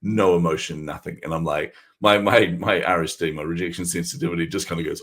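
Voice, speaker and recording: A middle-aged man telling stories as a podcast guest, animated and self-deprecating, laughing often. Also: sits low, fast, hardly any pauses. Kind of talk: storytelling in an interview.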